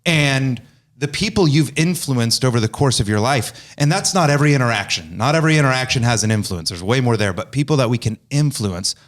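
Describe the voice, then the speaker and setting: A man's voice: mid-range voice, expressive, brisk. A man hosting a casual podcast chat from an office room, telling stories and acting out the dialogue in them. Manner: storytelling, acts out quoted dialogue. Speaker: podcast host.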